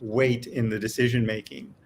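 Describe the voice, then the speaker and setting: A man's voice: medium pitch, level tone, normal speed, a little hiss or hum. A man, a TV series creator, chatting casually as a guest on a panel, with hesitant speech full of restarts and fillers.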